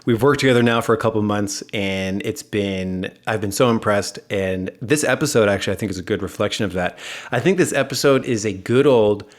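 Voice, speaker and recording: A man's voice: fairly low pitch, fairly quick, hardly any pauses. Upbeat American man hosting a podcast. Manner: upbeat, energetic, joking. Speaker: podcast host. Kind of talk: casual podcast chat.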